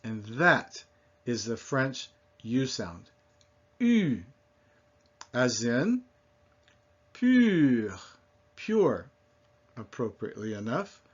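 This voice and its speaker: A man teaching French pronunciation, slowly modeling sounds for learners to repeat. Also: medium pitch, expressive, a bit bright, husky. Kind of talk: pronunciation lesson. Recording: dull lo-fi recording.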